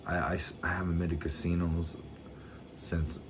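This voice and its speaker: A middle-aged American vlogger speaks at a normal speed in a low, flat voice over a noisy background. His rambling, easygoing stories are full of swearing and restarted sentences.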